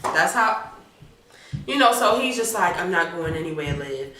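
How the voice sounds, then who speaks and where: Animated woman recapping TV, echoey room. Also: lowish voice, moderate pace. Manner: animated, profane, acts out characters' lines. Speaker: TV recap host. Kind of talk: casual episode recap. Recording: echoey room, distant mic, faint noise.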